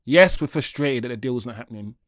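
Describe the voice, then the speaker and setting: Male livestream host, casual and animated, addresses chat directly, dry sound. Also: mid-range voice, brisk, no room sound. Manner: animated and chatty, laughs often, addresses chat as guys. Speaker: football channel livestream host. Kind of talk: casual livestream chat reading viewer comments.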